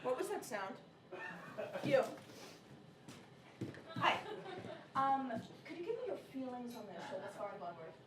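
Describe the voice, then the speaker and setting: A woman's voice: a little high, very animated, measured pace, long pauses, reverberant, recorded from a distance, noisy background. A woman playing an unhinged bank robber who holds hostages to rehearse a puppet show, lurching between bossy threats and needy politeness in a live stage comedy. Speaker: comedian in a solo character show. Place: theatre stage with a laughing audience.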